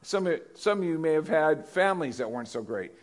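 A man's voice: a little high, expressive, a little fast. A male pastor preaching a conversational sermon, often repeating questions to the congregation.

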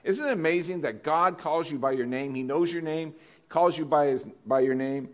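A man's voice: fairly high pitch, normal speed. A male pastor preaching a conversational sermon, often repeating questions to the congregation.

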